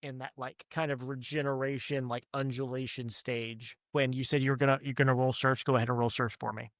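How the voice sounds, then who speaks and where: A man's voice: medium pitch, flat delivery, a little fast, no room sound. A man narrating as game master of a tabletop horror game, often restarting his words as he explains the scene.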